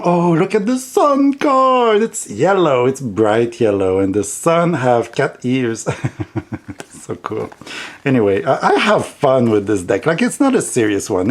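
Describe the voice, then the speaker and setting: A man with a heavy non-native accent chatting casually on his tarot vlog, rambling and giggling as he goes. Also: mid-range voice. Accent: heavy non-native English accent. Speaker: tarot vlogger.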